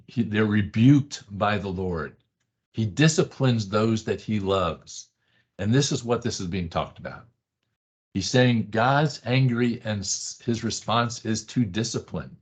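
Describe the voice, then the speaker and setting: A man's voice: on the low side, husky. A man teaching a Bible study class, conversational and emphatic, repeating short phrases and checking in with the class. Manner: conversational, keeps asking the class "right?". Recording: dull lo-fi classroom recording.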